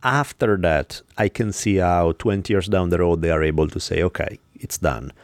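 In a studio-quality recording with no echo, a podcast host with a low voice tells a story at normal speed. His casual chat is blunt and profane.

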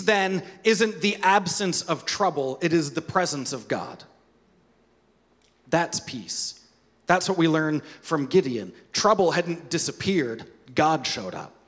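A high-pitched male pastor delivers a sermon in an earnest, conversational way and poses rhetorical questions to his listeners. His voice carries a long reverb from a large hall. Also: lively intonation, takes it slowly, a bit bright.

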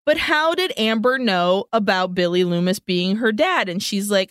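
A woman co-hosting a podcast, casually retelling a film's plot scene by scene with swearing and quick asides. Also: medium pitch, lively intonation, fairly bright tone, clean tone, no echo, clean studio sound. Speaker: podcast co-host. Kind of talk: casual movie recap chat.

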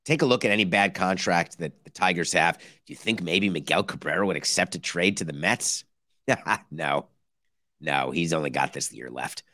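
A man's voice: sits low, pushed and bright, dry recording, studio quality. A man hosting a baseball podcast, talking in sarcastic bursts and acting out mock conversations between teams. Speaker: podcast host. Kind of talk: animated baseball commentary.

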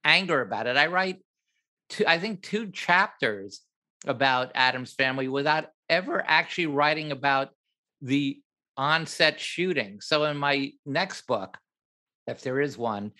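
Older male director, guest storyteller, bright and forceful delivery, acts out the dialogue. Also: medium pitch. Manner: animated, acts out other people's lines, laughs at his own story. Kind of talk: anecdotal storytelling in an interview.

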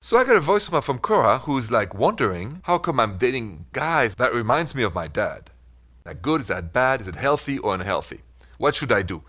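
A man's voice: medium pitch, sing-song, fairly quick, fairly bright tone. A man with a French accent hosting a call-in radio advice show, earnest and reassuring. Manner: earnest, reassuring, speaks in short coaching phrases. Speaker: radio relationship advice host.

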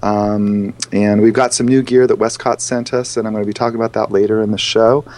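A man, a photographer who teaches workshops, chatting on a podcast in an animated, storytelling way with quick fillers. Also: lowish voice. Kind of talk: casual podcast chat.

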